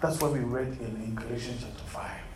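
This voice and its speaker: A man gives an interactive sermon to a youth group, earnestly quizzing them over Scripture and calling them "beloved." His medium-pitched voice is steady, a little fast, and a little mellow. The recording has room echo, a distant mic, and a faint hum in a room set with chairs.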